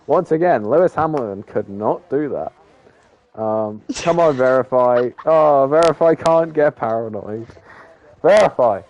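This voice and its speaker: A man's voice: medium pitch, darkish tone, lo-fi sound. A man giving casual, rambling commentary on a sim race, joking and talking to the drivers.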